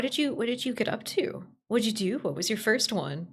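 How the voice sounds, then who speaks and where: A young woman streamer chatting casually with her viewers, rambling and giggling with sudden jumps in pitch, her voice a little strained from overuse. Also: lively intonation, brisk, vocal fry, few pauses, slightly rough. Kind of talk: casual live-stream chat.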